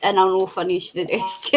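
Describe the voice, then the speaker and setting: A woman chatting casually on a craft stream over a video call, laughing often. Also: sits high. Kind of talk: casual chat.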